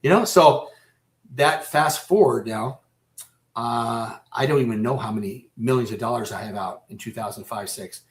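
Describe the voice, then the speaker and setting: A man telling his own story as a radio guest, halting and repeating himself, close to breaking down. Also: mid-range voice. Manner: halting, repeats and restarts phrases. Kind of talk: personal storytelling in a radio interview.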